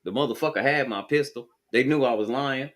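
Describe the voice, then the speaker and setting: A man's voice: mid-range voice, a little fast, a bit bright. A man from Texas with a Texan accent, telling a profane, streetwise story in casual chat.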